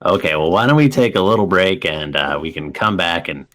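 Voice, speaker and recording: A man running a tabletop game, talking in a relaxed, hesitant way. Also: sits low, a little fast. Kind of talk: casual tabletop game chat.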